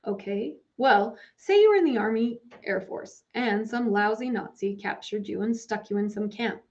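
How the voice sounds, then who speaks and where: A woman's voice: a little high, normal speed, a little mellow, natural voice. A woman voicing a pushy schoolboy bully who uses a false, salesman-like friendliness, on a dull lo-fi recording. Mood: needling. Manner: wheedling salesman-like tone.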